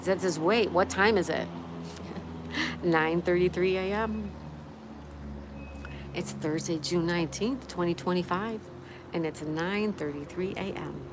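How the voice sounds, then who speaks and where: A woman's voice: lowish voice, a little slow, long pauses, noisy background. A middle-aged woman hosting a casual livestream, reading out viewer comments in a chatty, friendly way. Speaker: livestream host.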